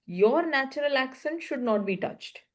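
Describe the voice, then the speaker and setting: A woman's voice: high voice, animated, normal speed. A woman coaching a learner one-on-one, explaining patiently in short, repeated phrases. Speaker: English speaking coach.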